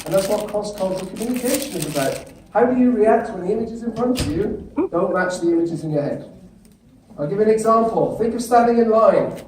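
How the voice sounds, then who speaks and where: British male keynote speaker, higher voice, engages the room, recorded far off in a reverberant hall. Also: animated, brisk, darkish tone, a little hiss or hum. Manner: engaging, asks the audience questions. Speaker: conference speaker. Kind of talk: humorous keynote talk. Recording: echoey hall, mic far off.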